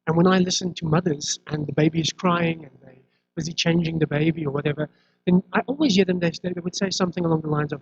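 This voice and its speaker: A man's voice: on the high side, fairly even intonation, fast talker, creaky. A man preaching a sermon in a conversational way, often restarting and repeating words. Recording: dull lo-fi recording.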